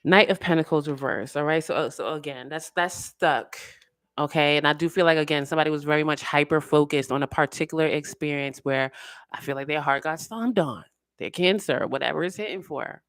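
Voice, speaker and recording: A woman giving a casual tarot reading in an animated way, full of slang, acting out the voices she quotes. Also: deep voice, a little fast, no echo, clean studio sound. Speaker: tarot reader.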